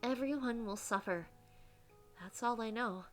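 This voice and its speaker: A woman's voice: fairly high pitch, a little slow, soft background music, close to an everyday voice. Woman voicing a worried mermaid girl. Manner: pleading, worried. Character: young mermaid woman turned human, anxious.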